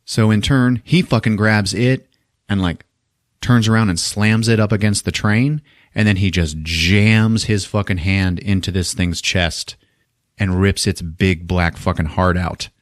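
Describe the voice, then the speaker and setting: Speaking unhurriedly in a voice on the low side, a man hosts a podcast and casually runs through a film's plot, swearing and performing silly voices for the scenes. It's a dry, studio-quality recording from a podcast studio.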